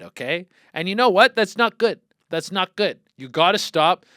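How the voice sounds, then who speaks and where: A male podcast host ranting comedically with heavy swearing, animated and exclamatory. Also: high-pitched, normal speed, no room sound, studio quality. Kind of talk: profane comedic rant.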